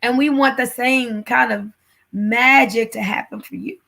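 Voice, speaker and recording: Lead female host, high bright voice, emotional storyteller who gets loud when moved. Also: measured pace, gravelly. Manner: animated, gets emotional, raises her voice at the peak of the story. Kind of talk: emotional testimony in a casual conversation.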